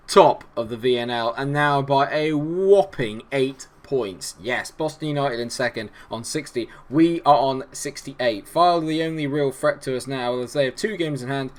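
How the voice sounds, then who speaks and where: A man's voice: mid-range voice, unhurried, hardly any pauses. A man hosting a game video, giving chatty, enthusiastic, self-deprecating commentary. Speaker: gaming video host.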